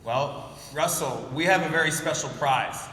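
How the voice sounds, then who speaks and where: A man on stage giving a conference keynote in a storytelling style, joking with the audience and calling people up. His voice is bright and forceful and sits a little high. The sound carries a long reverb from a large, echoey hall. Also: moderate pace, slight background noise. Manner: storytelling, jokey, works the crowd. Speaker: keynote speaker.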